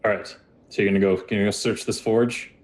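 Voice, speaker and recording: A man's voice: lowish voice, steady tone, a little fast. A man narrating a tabletop game as game master, rambling with many fillers and restarts.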